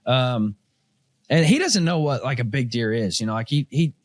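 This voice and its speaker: Host, male, casual animated storyteller, mid-pitched voice, dry close recording. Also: moderate pace, dry recording. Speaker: podcast host. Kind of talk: casual hunting story chat.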